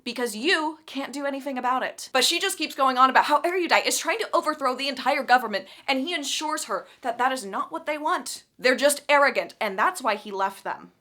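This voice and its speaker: A young woman recapping a book with sarcastic, animated asides. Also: high-pitched, a little fast, few pauses.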